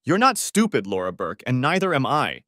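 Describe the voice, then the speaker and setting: A man reading an audiobook, voicing an older mother who scolds sharply and loudly. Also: mid-range voice, wildly swooping pitch, normal speed, dry recording, studio quality. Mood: angry. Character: older mother, fierce and protective.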